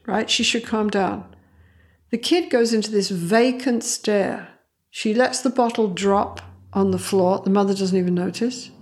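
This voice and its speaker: A woman psychologist, a guest on an interview, explaining her ideas through lively stories and acting out the voices of the people she describes, often with a laugh. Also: mid-range voice. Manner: expressive, acts out voices in anecdotes. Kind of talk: interview storytelling.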